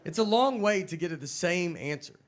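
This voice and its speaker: A stand-up comedian who rambles through his bits in a dry, deadpan manner, his voice pitched a little above most men's. Clear noise from the room sits behind him throughout. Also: brisk, a crowd in the background. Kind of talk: stand-up routine.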